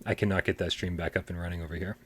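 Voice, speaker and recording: A man with a fairly low voice chatting on a livestream podcast. He is excitable, laughs often and swears freely. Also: racing, slightly rough, no echo. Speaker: podcast co-host reading tips. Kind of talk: casual livestream chat.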